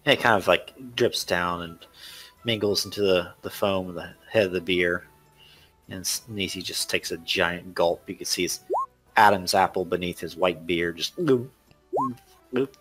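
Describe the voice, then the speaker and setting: A man's voice: deep voice, fairly even intonation, moderate pace, fairly bright tone, soft background music. A man playing a tabletop game, narrating in short, dry bits.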